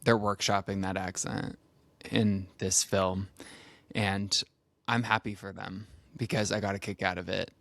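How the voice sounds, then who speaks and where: A man's voice: low-pitched, level tone, a little slow, vocal fry, a bit bright, no room sound. Dry-sounding male film podcaster. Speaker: podcast co-host. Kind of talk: casual film chat.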